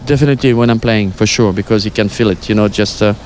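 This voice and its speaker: A man's voice: on the low side, fast talker, slight background noise. An older man with a French accent, a former tennis pro, answering interview questions casually and playfully, with lots of fillers and hesitations.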